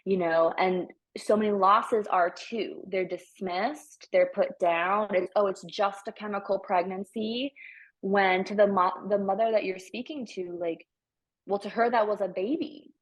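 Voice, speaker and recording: A woman's voice: mid-range voice, steady tone, a little slow. A woman speaking as a podcast guest and pregnancy loss coach, earnest and emphatic, with many fillers. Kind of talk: heartfelt conversational podcast talk. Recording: slightly dull lo-fi audio.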